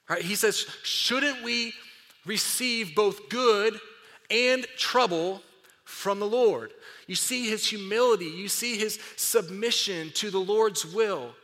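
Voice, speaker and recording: A man preaching a sermon as a pastor, swelling with emphasis on scripture readings and dropping to quiet phrase endings. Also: on the high side, big-room sound.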